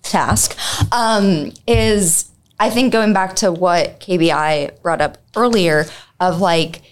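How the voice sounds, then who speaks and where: A woman co-hosting a podcast, with a somewhat low voice. She talks casually and earnestly, thinking her points through with plenty of "like"s. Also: takes it slowly. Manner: earnest, reflective, many "like"s. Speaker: podcast co-host, mental health clinician. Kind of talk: casual chat.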